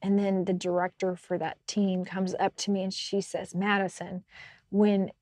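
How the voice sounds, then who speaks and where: A woman talks through her story with lively, animated energy, laughing as she goes. Her voice sits at a middle pitch and sounds dry and close, with no room around it. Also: moderate pace, dry recording. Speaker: podcast co-host. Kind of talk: casual faith chat.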